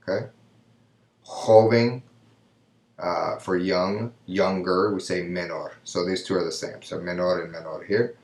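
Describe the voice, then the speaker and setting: A man with a very low voice gives a recorded grammar lesson, taking it step by step. He keeps checking in with "right?" as he explains. His voice carries a noticeable room echo. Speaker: Spanish teacher. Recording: echoey room.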